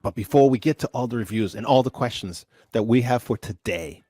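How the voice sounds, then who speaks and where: Male podcast host, upbeat introducer, mid pitch, dry close mic. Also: a little fast, dry recording. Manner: energetic, hype introductions with laughter. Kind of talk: upbeat show hosting.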